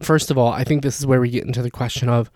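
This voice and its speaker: A man's voice: mid-range voice, steady tone, rapid-fire, a little mellow, no room sound, studio quality. A man explaining language differences in casual, chatty talk, leaning often on "like" as a filler. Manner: chatty, leans heavily on "like" as filler. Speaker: Arabic dialect explainer.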